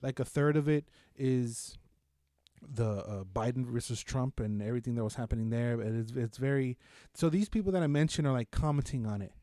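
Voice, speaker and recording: A man's voice: medium pitch, brisk, dark tone, no room sound, studio quality. Rambling, profane man chatting on a podcast. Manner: rambling, profane, self-mocking. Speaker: podcast co-host. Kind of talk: casual chat reviewing shows.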